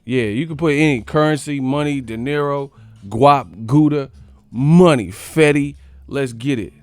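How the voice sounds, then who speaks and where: A man's voice: mid-range voice, a little slow, a little mellow, clean tone, no room sound. A man hosting a boxing live stream, rambling in casual slang and laughing often as he talks to his chat. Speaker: boxing channel host.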